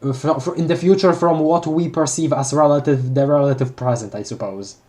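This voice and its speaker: A brisk, slightly mellow voice at medium pitch belongs to a streamer reading a webcomic on a live read-along. Stumbles and restarts come often, along with gasps and emotional reactions.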